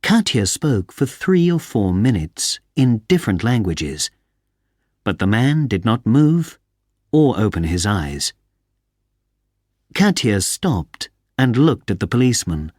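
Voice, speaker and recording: A man narrating a simple story for English learners in a clear, careful reading. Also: on the low side, big pitch swings, slow, a little mellow, no echo, clean studio sound. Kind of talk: slow scripted storytelling.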